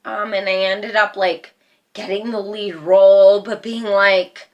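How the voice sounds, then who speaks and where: Slow-talking woman retelling her story. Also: mid-range voice, steady tone, highs cut off. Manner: slow, halting retelling with many fillers. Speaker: personal storyteller. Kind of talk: personal life story, casual.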